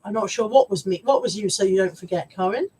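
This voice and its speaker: Chatty woman, husky, a bit off-mic. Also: medium pitch, quick pace, warm tone. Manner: chatty, teasing, laughs often. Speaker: livestream host. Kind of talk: casual live-stream chat. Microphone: camera mic on a live stream. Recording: slightly distant from the mic.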